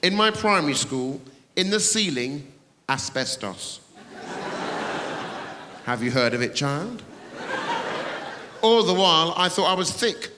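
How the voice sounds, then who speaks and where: A man's voice: fairly high pitch, lively intonation, slow pace, long pauses. A middle-aged man performing stand-up comedy on stage, playful and mocking. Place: theatre stage. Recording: echoey hall with crowd noise. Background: audience laughter.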